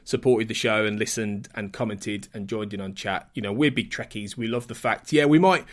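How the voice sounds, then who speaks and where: A man co-hosting a podcast, talking in a chatty, enthusiastic way with frequent restarts. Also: medium pitch. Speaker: podcast co-host. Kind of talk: casual podcast chat.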